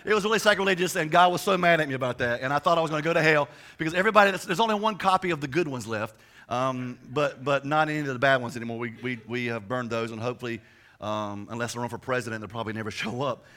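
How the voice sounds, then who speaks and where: A man's voice: medium pitch, fast, pushed and bright. A young adult man, a pastor, preaching a sermon in a chatty storytelling way with many restarts.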